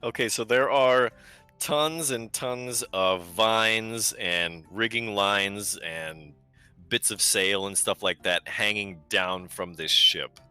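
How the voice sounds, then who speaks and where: A man narrating a tabletop game as game master, giving measured descriptions with casual asides. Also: lowish voice, bright, forceful tone, clear, resonant tone, soft background music.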